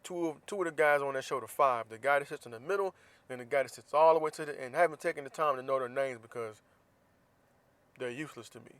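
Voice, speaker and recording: A man's voice: medium pitch, quick pace, a bit bright, clean tone, dry recording. A man from Florida hosts a podcast, talking alone in a casual monologue. His delivery is blunt and heated, with plenty of profanity. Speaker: podcast host.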